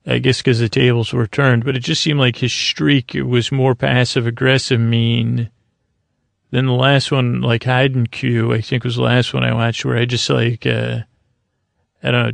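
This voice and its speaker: A man hosting a podcast, casually recapping a TV episode in halting speech with many filler sounds. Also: medium pitch, flat delivery, vocal fry, no echo. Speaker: podcast host.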